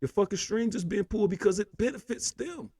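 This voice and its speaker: Man, profane heated rant, gravelly, high-pitched, dry. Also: fairly quick, darkish tone, no room sound. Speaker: political commentary host. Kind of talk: ranting commentary.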